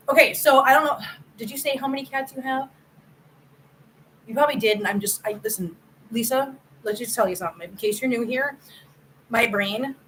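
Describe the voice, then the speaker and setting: A woman with a somewhat high voice hosts a relaxed livestream and talks straight to her viewers. Her delivery is chatty and emphatic, with easy laughs and repeated phrases. Faint ambient noise sits behind her. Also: poor audio. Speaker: host of a cat channel. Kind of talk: casual livestream chat.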